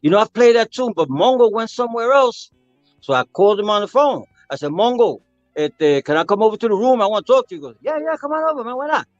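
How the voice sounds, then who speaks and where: An older man, a percussionist, telling a story with animated energy, acting out voices and singing rhythms. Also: sits high, fast, no room sound, muffled recording, soft background music. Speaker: percussionist guest. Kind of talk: storytelling interview.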